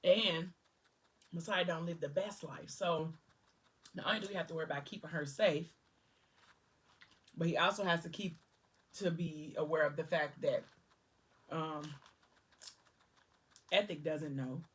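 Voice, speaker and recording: A woman's voice: low voice, fairly even intonation, unhurried, long pauses, slightly rough, recorded from a distance. A woman casually recapping a novel's scenes while eating, slipping into the characters' lines with "he was like" and "she was like". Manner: retells scenes loosely, quoting characters with "he was like". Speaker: book vlogger.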